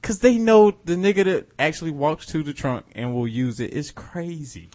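A man's voice: on the high side, normal speed, darkish tone. A man co-hosting a casual comedy chat, laid-back and slipping into joking put-on voices. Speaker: podcast co-host.

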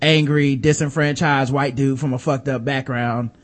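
A man's voice: medium pitch, normal speed. A man hosting a casual movie review chat, laughing often and acting out voices of the people he mocks. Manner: laughing, animated, acts out quoted voices.

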